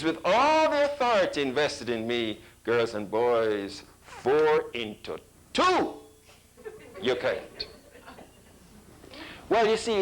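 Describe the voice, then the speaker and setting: A man's voice: high voice, slight background noise, poor audio. A man giving a math workshop to parents, emphatic and full of rhetorical questions, sometimes mimicking teachers and children.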